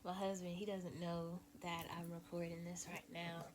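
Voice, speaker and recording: A woman with a lowish voice tells a personal story in a casual vlog. She talks softly and hesitantly, holding back emotion. There is a faint hiss of noise behind her at home. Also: little pitch movement, moderate pace. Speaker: vlogger.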